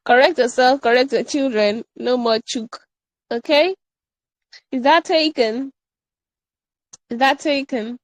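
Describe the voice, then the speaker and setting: A woman teaching an online English grammar workshop, animated and playful, drilling example sentences again and again. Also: sits high, takes it slowly, pauses often, dry recording, rough recording.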